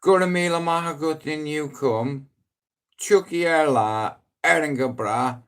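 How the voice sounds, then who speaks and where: A middle-aged man with a Dublin accent rambling on a casual live stream, swearing freely and breaking into loud emphatic outbursts. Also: on the high side, a little slow, clear, resonant tone. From Ireland.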